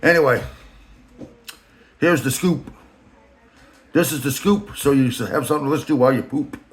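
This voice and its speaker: A man's voice: mid-range voice, moderate pace. A man telling a story to camera in a rambling, crude, joking way, filming himself. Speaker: vlogger. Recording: echoey room.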